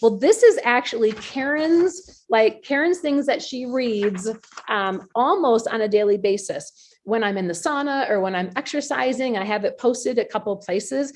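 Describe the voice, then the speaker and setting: Animated woman telling a personal story. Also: a little high, moderate pace. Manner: animated, acts out her own past reactions; chatty, with frequent fillers and laughs. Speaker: podcast host. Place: community call or podcast recording.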